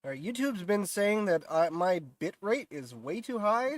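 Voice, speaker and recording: A man's voice: high voice, big pitch swings, moderate pace, hardly any pauses, no echo. A man with a nasal, stuffy voice from a cold, casually rambling through a live modeling stream with self-deprecating asides. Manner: rambling, self-deprecating, lots of fillers and restarts.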